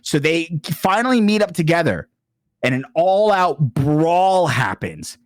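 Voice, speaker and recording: A man's voice: a little high, sing-song, measured pace, no room sound, clean studio sound. A man co-hosting a casual podcast, telling a rambling, absurd comedic story and slipping into voices for its characters. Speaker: podcast co-host.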